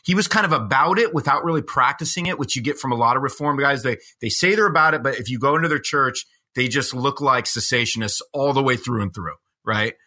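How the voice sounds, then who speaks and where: A man's voice: mid-range voice, fast talker, hardly any pauses, bright, forceful tone. A man co-hosting a casual podcast chat, rambling with lots of "I mean" and "like". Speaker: podcast co-host.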